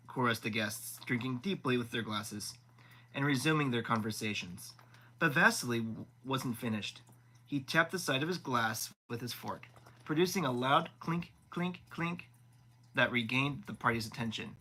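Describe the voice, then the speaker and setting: A man's voice: medium pitch, moderate pace, bright, forceful tone, low-quality recording. A man reading a novel aloud live, often stumbling and rereading words. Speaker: audiobook reader.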